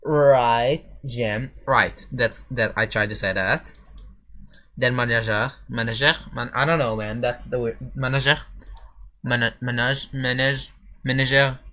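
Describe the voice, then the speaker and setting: A man's voice: medium pitch, steady tone, measured pace, bright, forceful tone. A man streaming casually while building a game level, rambling and chatting back to his viewers. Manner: rambling, answering chat, mangling French phrases.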